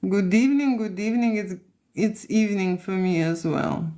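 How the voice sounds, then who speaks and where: A woman's voice: mid-range voice, moderate pace, dark tone. A woman from Lithuania with a Lithuanian accent, a photographer chatting casually on a livestream and reading out comments, with many "okay?" and "you know" fillers.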